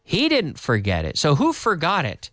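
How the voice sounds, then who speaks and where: A man's voice: on the high side, huge pitch swings, normal speed, fairly bright tone, no room sound, studio quality. A man with a Canadian accent teaching an English lesson on a live stream. He rephrases and repeats himself as he goes, and drops into Spanish now and then.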